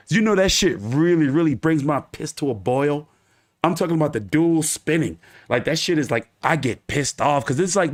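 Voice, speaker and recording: A man's voice: a little high, animated, moderate pace. A man hosting a boxing channel, ranting live with emphatic, profane repetition. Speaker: boxing YouTube host. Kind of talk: live boxing commentary rant.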